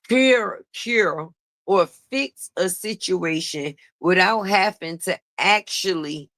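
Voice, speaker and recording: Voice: medium pitch, a bit bright, no echo, studio quality. A channel host giving a blunt, profane gossip commentary, repeating points for emphasis and laughing mockingly.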